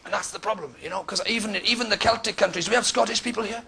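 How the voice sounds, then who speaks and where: High-voiced Welsh comic, gravelly edge. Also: male voice, fast talker, a crowd in the background. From Wales. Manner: conversational, teasing the audience, sudden loud outbursts. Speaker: stand-up comedian. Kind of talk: stand-up comedy set. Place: comedy club stage before a live audience. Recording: noisy live club recording.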